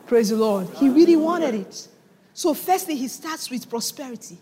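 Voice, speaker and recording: A woman's voice: sits high, animated, normal speed, warm tone, big-room sound. A woman preacher teaching a sermon from the Bible, retelling the story animatedly and laughing often.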